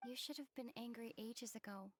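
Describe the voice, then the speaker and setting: A woman's voice: on the high side, slight background noise. A woman voicing an earnest young traveler who speaks directly and steadily.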